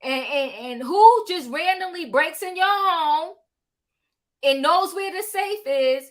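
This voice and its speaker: A woman hosting a casual live-stream talk show, animated and calling out to her viewers. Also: very high-pitched. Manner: animated, calls out to viewers, drawn-out exclamations. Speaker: livestream host.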